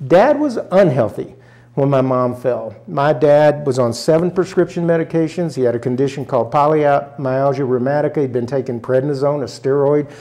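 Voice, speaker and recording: A man's voice: medium pitch, moderate pace, warm tone. An older man from rural Arkansas sits as an interview guest and tells a personal family story. He speaks earnestly and emotionally, and his voice catches as he goes. He acts out what his relatives said along the way.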